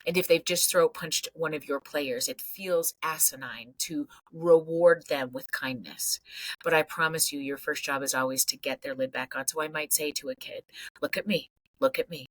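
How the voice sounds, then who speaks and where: A middle-aged woman psychologist from Canada, talking energetically on a podcast and breaking into loud acted outbursts. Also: sits low, moderate pace, no echo, poor audio. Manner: animated storyteller, swings into loud acted outbursts. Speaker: psychologist guest.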